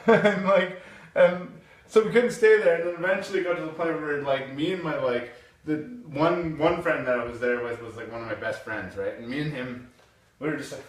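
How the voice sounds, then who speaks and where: A young man from Canada hosting a podcast, telling a rowdy story in a profane, animated way with bursts of laughter. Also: a little high, normal speed. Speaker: podcast host. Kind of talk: casual storytelling. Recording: echoey room from far off.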